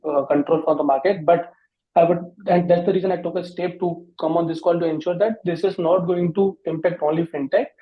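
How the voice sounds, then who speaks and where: A man speaking as a panelist on a video call, halting and full of fillers. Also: fairly high pitch. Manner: halting, many fillers and restarts. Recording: dull lo-fi call audio.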